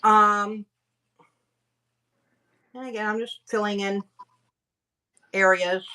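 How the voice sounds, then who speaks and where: A woman teaching tie-dye on a livestream, explaining each step in a steady way with small fillers. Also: medium pitch, slow pace, clean tone. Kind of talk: livestream craft demo chat.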